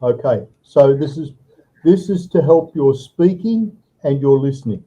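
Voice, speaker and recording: A man's voice: on the high side, lively intonation, unhurried, mellow, breathy edge, dull audio. A man tutoring a student over a video call, giving step-by-step advice and checking in with "all right" often. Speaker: online English tutor.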